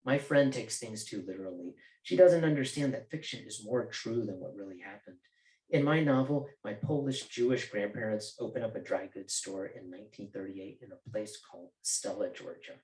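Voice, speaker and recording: A man's voice: fairly low pitch, moderate pace, a little mellow. A male author reading from his novel at a bookstore event, with casual joking asides. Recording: roomy bookstore echo.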